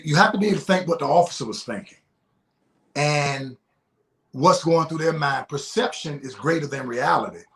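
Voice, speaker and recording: A man who is a former police officer, speaking in a reflective, halting way on a live video talk show. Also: a little high. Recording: echoey room.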